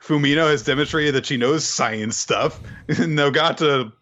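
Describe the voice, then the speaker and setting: A man co-hosting a podcast in casual chat, animated and joking. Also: on the high side, a little slow. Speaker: podcast co-host. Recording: dull lo-fi sound.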